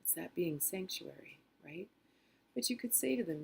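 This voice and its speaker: A middle-aged woman telling a personal story in a gentle, reflective way, acting out quotes softly. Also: lowish voice, animated, moderate pace, gravelly, breathy edge. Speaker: author and spiritual teacher.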